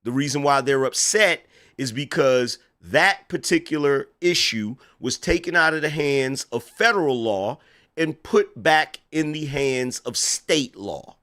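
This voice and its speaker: A man's voice: mid-range voice, unhurried, fairly bright tone. A middle-aged man giving sarcastic, indignant commentary while reacting to an interview clip. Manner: sarcastic, indignant, mocking asides. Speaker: political commentator.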